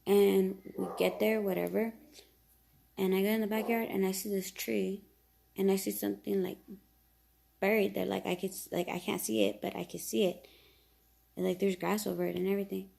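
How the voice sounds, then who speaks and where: A woman tells a casual storytime tale in a loose, rambling flow, full of fillers and the odd swear word. Her voice is gravelly and low in brightness, with a mellow, relaxed tone and a middling pitch. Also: moderate pace, pauses often, slight background noise. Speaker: vlogger telling a story.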